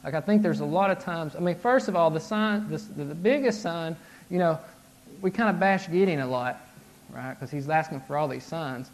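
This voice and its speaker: A man's voice: fairly high pitch, moderate pace. A man in his thirties giving a casual sermon, talking conversationally with frequent asides and restarts. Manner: conversational, frequent "right?" and "like", restarts, acted-out inner voices. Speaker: pastor.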